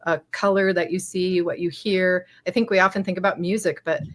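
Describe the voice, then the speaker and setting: A woman's voice: lowish voice, steady tone, fairly quick, a bit bright. A woman hosting a podcast, talking in an encouraging, reflective way with casual restarts. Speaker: podcast host.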